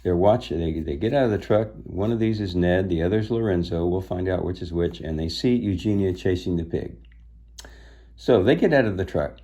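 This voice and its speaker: A man's voice: deep voice, moderate pace, warm tone. A man reading a children's book aloud, stopping to chat and explain things to young listeners. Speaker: storybook reader.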